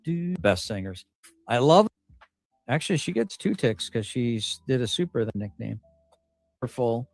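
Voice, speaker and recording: A man talking casually on a livestream, rambling and halting. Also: mid-range voice, expressive, gravelly, a little mellow, faint music behind.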